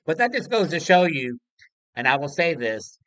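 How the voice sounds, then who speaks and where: A man's voice: on the high side, big pitch swings, normal speed, fairly bright tone, no echo, lo-fi sound. A man hosting a casual conversation, opinionated, often restarting his sentences. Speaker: host.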